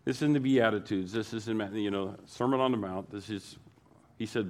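A man's voice: lowish voice, brisk. A man preaching a sermon to his congregation, repeating phrases and building emphasis as he goes. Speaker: pastor.

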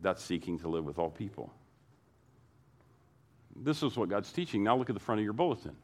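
A man's voice: lowish voice, big pitch swings, a little fast. A man preaching a sermon to his congregation, repeating phrases and building emphasis as he goes. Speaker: pastor.

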